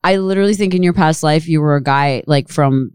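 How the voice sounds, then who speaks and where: A woman's voice: low voice, a little fast, a little mellow, smooth, no echo, studio quality. A woman hosting a casual podcast, rambling and giggly with lots of fillers. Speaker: podcast host.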